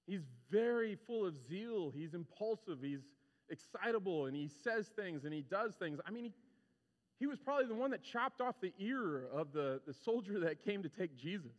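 Guy preaching, high voice jumping all over, big echoey church hall. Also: normal speed, muffled recording. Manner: animated, conversational preaching with acted-out quotes. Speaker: pastor. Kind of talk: sermon. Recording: long reverb of a large hall.

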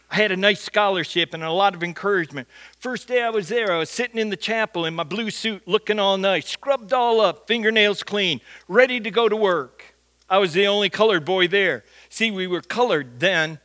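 A man preaching a sermon in a high, light voice. He moves between storytelling and Scripture teaching in an emphatic, conversational way. He often repeats a word as he starts a phrase. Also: normal speed, sharp tone. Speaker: pastor.

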